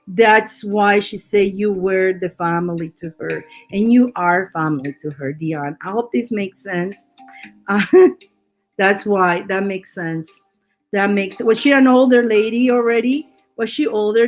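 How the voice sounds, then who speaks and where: A woman's voice: on the high side, rough recording. A woman giving a live tarot reading, chatty with her viewers and laughing often, her voice worn from laughing. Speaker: tarot reader.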